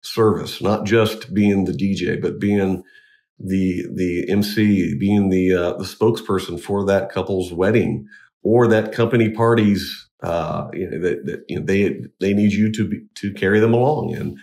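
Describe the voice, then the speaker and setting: A man, a wedding DJ, talking in a casual interview, halting with many restarts but earnest. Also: low-pitched, steady tone, vocal fry, a little mellow. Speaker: wedding DJ and MC, guest.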